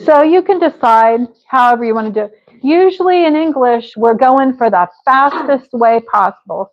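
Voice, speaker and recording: An American woman teaching a live English pronunciation class, encouraging and sounding words out slowly. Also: sits high, lo-fi sound. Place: online class.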